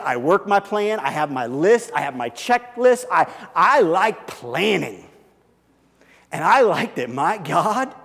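A male pastor preaching a conversational sermon, often repeating and restarting words, swinging between loud animated bursts and soft hushed stretches. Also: high-pitched, big-room sound.

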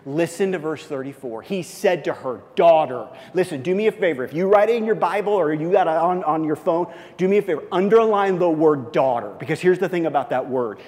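A man preaching a sermon as pastor, swinging from loud high bursts to low hushed lines. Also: fairly quick, hardly any pauses. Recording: long reverb of a church hall.

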